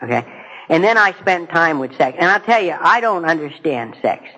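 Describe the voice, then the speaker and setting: A middle-aged man talks to a recovery meeting about his own life, self-mocking and conversational, questioning the audience directly. His voice is a little high and sharp, with a sing-song lilt at normal speed, and the audio sounds dull.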